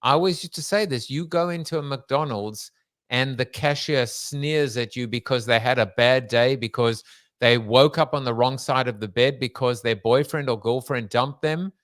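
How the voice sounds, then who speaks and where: A man's voice: medium pitch, normal speed, fairly bright tone, no echo. Chatty male podcast host, dry sound. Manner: chatty, playful, many "um"s. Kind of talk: casual podcast interview.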